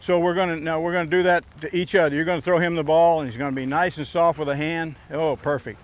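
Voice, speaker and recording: A man's voice: on the high side, steady tone, fast. A man coaching a youth baseball team outdoors, giving short, encouraging instructions during drills.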